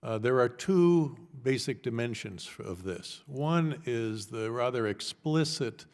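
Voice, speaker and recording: Man, expert witness, measured, lecturing, pauses, mid pitch, reverberant hearing room. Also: lively intonation, a little mellow. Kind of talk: congressional testimony.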